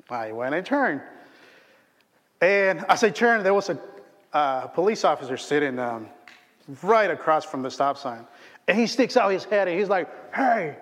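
A man's voice: on the high side, lively intonation, normal speed, long pauses, a bit bright, long reverb tail. A man preaching a sermon in a church, telling stories in a chatty way with many fillers and restarts. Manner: conversational storytelling with frequent fillers and restarts. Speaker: pastor.

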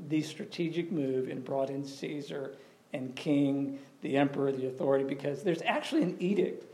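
A man preaching a sermon in a conversational, animated way, often asking questions of the audience. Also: on the high side, normal speed. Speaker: pastor.

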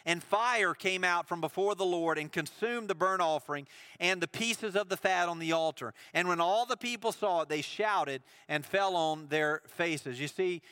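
A man's voice: fairly high pitch, sharp tone, smooth, dry recording. A man preaching a sermon, retelling Bible stories and acting out the dialogue in a casual storytelling way.

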